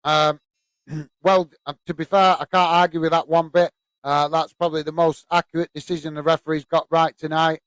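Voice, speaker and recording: A British man hosting a live football watch-along, chatting in a friendly, halting way with many fillers while reading viewer messages. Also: fairly high pitch, level tone, fairly bright tone, clean tone, no echo.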